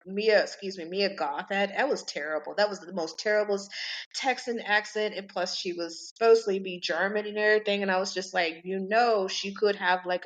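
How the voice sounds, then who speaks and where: This podcast host, a woman in her forties, has a fairly bright voice on the higher side. She rambles through a casual rant, cursing freely in a talkative style.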